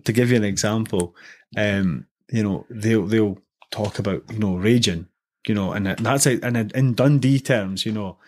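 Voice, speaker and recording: A man's voice: fairly low pitch, moderate pace, a little mellow. A young man chatting as a podcast guest, telling stories loosely with lots of fillers and restarts. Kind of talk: casual podcast chat.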